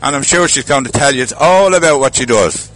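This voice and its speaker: A man's voice: medium pitch, animated, a little fast, fairly bright tone. An Irish man hosting casual walkabout interviews at a festival, chatty and jokey, laughing often. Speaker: roving host at a festival.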